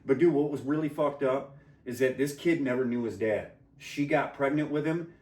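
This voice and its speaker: A man's voice: medium pitch, normal speed. Profane man telling stories in an echoey room. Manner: profane, laughing, shouts out quoted lines. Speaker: podcast guest telling a story. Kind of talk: crude casual storytelling. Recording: echoey room from far off the mic.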